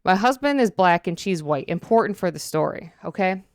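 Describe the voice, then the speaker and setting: Smooth-voiced, chatty female podcast co-host. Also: on the low side, brisk, dry recording, clean studio sound. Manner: chatty, expressive storyteller. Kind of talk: casual chat. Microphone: dynamic podcast microphone.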